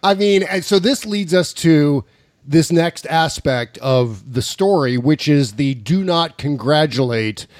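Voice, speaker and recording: A man's voice: a little high, lively intonation, slow, no echo, clean studio sound. A man hosting a political talk podcast, chatting casually and sarcastically, laughing often as he reads out tweets in a mocking tone. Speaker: podcast host.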